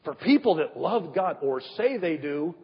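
A male pastor delivering a sermon with emphatic rhetorical questions and drawn-out pauses, his voice husky. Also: a little high, big pitch swings. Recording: dull echoey hall.

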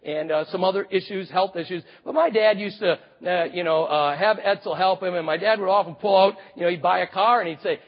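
A man in his fifties preaching a sermon, telling stories and swinging from booming to hushed. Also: a little fast, few pauses. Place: large church hall. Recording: reverberant hall, slightly dull sound.

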